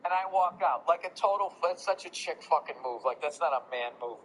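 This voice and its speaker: A man with a high-pitched voice tells a story on a podcast, swearing freely and ranting with energy. The recording carries a clear layer of background noise. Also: brisk, poor audio. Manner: profane, ranting, animated storyteller. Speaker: podcast host. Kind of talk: casual storytelling chat.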